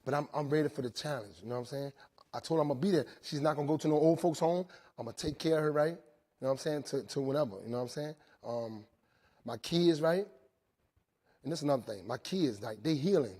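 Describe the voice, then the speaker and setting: A husky, slightly high-pitched man speaks to a room of inmates about his own recovery. He talks in a loose, animated storytelling way and keeps returning to "right?" and "you know what I'm saying?". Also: quick pace. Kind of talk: testimony talk to inmates.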